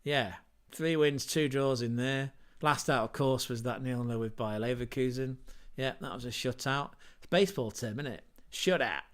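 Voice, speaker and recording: A man's voice: medium pitch, steady tone, normal speed. A man hosting a casual football livestream, running through team lineups with jokey asides, wordplay and self-corrections. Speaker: football podcast host.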